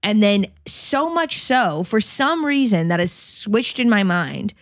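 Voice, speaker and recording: A woman's voice: mid-range voice, very animated, slow, dry recording, clean studio sound. Rambling, giggly young woman podcaster. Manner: rambling storyteller, swears freely, giggly. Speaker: podcast co-host. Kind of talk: casual chat.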